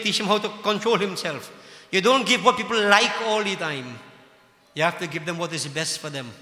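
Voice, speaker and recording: Guy preaching, fired up and scolding, real bright sharp voice, echoey hall. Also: sits high. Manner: impassioned, scolding, full of rhetorical questions. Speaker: religious leader addressing devotees. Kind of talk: sermon. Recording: echoey hall with long reverb.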